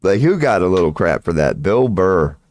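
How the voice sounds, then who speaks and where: Deep-voiced swaggering man, dry sound. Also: very animated, normal speed, a little mellow, no echo. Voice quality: crude, swaggering, profanity-laced talk. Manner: laughs often mid-sentence. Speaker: channel host. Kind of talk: casual rambling monologue.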